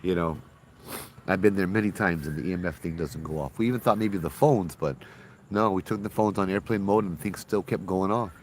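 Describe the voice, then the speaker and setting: A man tells a ghost story in a deep, low voice, animated and full of local slang. He talks like a tour guide, casual and dramatic. Faint background noise sits under the recording. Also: brisk. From Hawaii.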